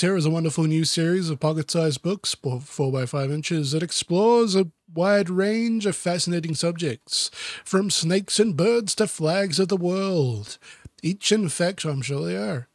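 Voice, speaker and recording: Deadpan man reading a kids' book. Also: a little high, a little slow, no echo, studio quality. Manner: deadpan, self-mocking asides. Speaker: reader of a children's book. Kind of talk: sarcastic comedic book reading.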